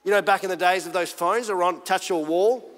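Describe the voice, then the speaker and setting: A man with an Australian accent, a pastor preaching a sermon in an animated, earnest storytelling way. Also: sits high, fast, long reverb tail.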